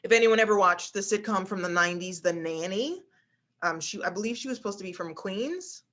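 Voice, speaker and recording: A woman speech instructor guiding a class over a video call, talking through breathing and resonance with plenty of fillers. She breaks into bright, high exclamations to demonstrate the head voice. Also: expressive, brisk. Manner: demonstrates pitches with exaggerated exclamations, frequent fillers.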